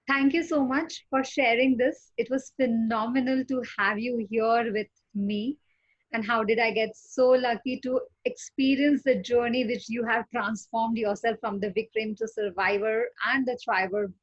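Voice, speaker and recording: Husky woman host, hesitant and encouraging. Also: on the high side, dry recording, highs cut off. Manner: hesitant, many fillers, encouraging. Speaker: podcast host. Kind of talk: interview questions.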